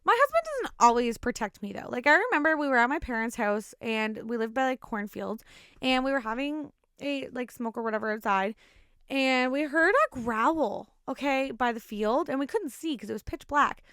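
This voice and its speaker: A woman's voice: high-pitched, expressive, normal speed, fairly bright tone, clean tone, no echo, studio quality. A woman hosting a show and casually telling her own stories, swearing often and rambling with lots of fillers. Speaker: podcast host telling personal stories. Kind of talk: casual storytelling.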